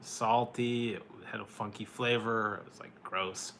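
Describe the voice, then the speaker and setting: A man's voice: lowish voice, fairly even intonation, measured pace, a bit bright, a little hiss or hum. A man reviewing food, chatting with his live-stream viewers in a loose, rambling way, with lots of fillers and small laughs. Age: adult, once married. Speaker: food reviewer answering chat. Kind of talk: casual live-stream chat.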